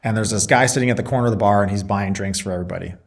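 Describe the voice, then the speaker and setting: A man's voice: on the low side, very fast. A man being interviewed, a Marine reservist and business owner, telling a story in casual chat and acting out both sides of the dialogue.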